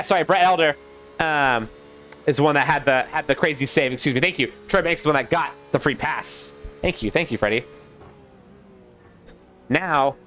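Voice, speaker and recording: A young man casting a sim racing league live, chatty and excitable, talking to his co-caster and to the chat. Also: a little high. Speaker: race caster.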